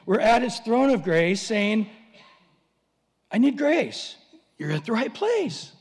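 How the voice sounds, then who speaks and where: A man's voice: high-pitched, big pitch swings, takes it slowly, slightly rough, big-room sound. A man preaching a sermon, telling a story animatedly and acting out voices.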